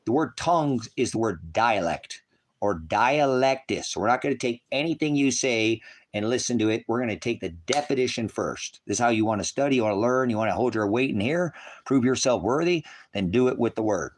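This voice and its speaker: A man's voice: animated, brisk. A man preaching on a livestream, profane and mocking, reads out viewer comments and argues with them. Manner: mocks others in shrill put-on voices. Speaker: online preacher. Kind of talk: livestream preaching, reading chat.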